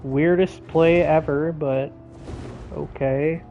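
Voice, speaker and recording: Excitable, foul-mouthed young man streaming. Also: a little high, slow pace, lo-fi sound, faint music behind. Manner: excitable, swears a lot, laughs between words. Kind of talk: casual gaming stream chat. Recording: faint background noise.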